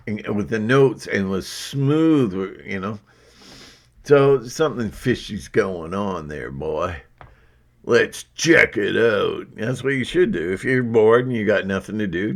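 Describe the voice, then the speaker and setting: Slow, animated man musing aloud. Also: fairly low pitch. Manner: meandering, with lots of verbal asides. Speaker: vlogger. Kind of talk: casual rambling talk to viewers.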